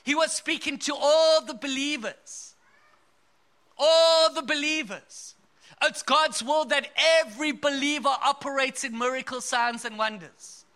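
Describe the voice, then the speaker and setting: A South African man preaches an emphatic sermon, telling stories punctuated by bursts of laughter and building his points in a rousing style. For a man, his voice is very high, with a sharp, bright edge.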